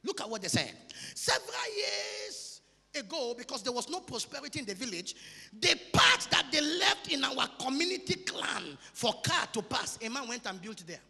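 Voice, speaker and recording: Nigerian preacher, high and sing-song. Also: male voice, sing-song, brisk, creaky, husky, big-room sound, soft background music. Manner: emphatic, sing-song preaching with shouted peaks. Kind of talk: sermon. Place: large church hall.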